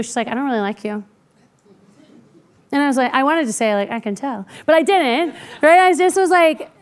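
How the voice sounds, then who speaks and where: High-voiced woman giving a lively keynote. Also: smooth. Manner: lively, acts out quoted people in quieter voices; conversational with frequent "like" and "right?". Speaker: keynote speaker. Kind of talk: keynote storytelling.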